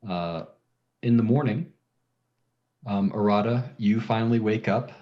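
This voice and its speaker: A man's voice: lowish voice, unhurried. A man narrating a tabletop game as game master, hesitant with many ums and uhs, on a dull lo-fi recording.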